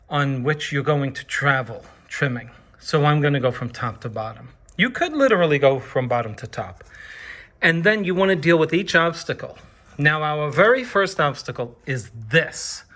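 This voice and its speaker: Slow, patient man teaching a trade. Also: a little high, fairly bright tone. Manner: patient, step-by-step, encouraging the viewer. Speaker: wallpaper installer hosting his channel. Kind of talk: how-to tutorial narration. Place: indoors at a client's home studio.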